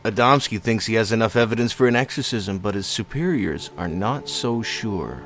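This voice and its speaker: A man's voice: fairly low pitch, animated, normal speed, a bit bright, soft background music. A man narrating a film plot as a scripted, dramatic recap. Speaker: podcast host.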